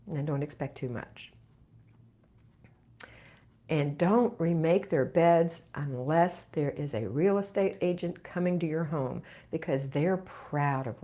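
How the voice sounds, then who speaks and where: A woman's voice: low voice, warm tone. A middle-aged woman hosting a live question-and-answer stream, reading viewer comments aloud and answering with chatty encouragement. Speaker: home organizing channel host.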